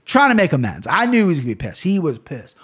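A man talking to camera in a casual solo rant, rambling and cursing freely, with bursts of loud mock outrage. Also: on the high side, huge pitch swings, fast talker, breathy edge. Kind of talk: casual solo rant about gear and fight news.

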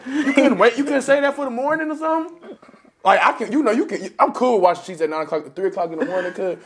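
A man in crude casual chat, talking quickly and sounding exasperated. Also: very high voice, expressive. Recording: noisy recording.

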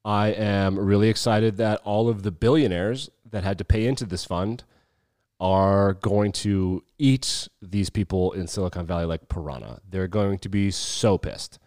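A man in his thirties co-hosting a podcast, talking in a loose, animated way, swearing freely and mimicking people as he tells a story. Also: fairly low pitch, unhurried, dry recording, clean studio sound. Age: 30s. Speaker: podcast co-host. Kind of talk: casual chat.

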